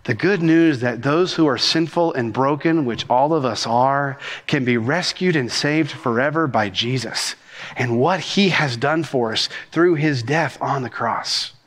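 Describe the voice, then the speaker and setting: A man, a senior pastor preaching a sermon with rhythm and animated cadence. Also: mid-range voice. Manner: rhythmic, animated preaching with talk of speaking fast.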